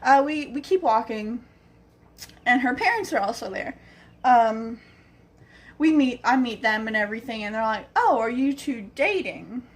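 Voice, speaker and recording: A woman's voice: on the high side, lively intonation, a little slow. A young woman telling a rambling personal story on her vlog, acting out what other people said. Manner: rambling, acts out quoted people. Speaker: vlogger. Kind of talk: casual storytelling.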